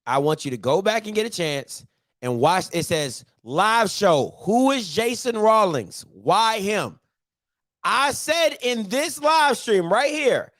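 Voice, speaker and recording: A man's voice: high voice, fairly bright tone, no echo, clean studio sound. A man hosting a casual football recap, ranting and talking straight to his viewers. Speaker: sports show host.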